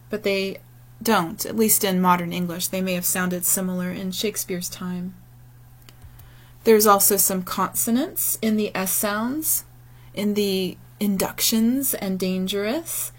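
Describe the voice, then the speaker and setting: A woman giving a recorded lecture over slides, explaining in a measured way with occasional fillers. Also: medium pitch. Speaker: teacher.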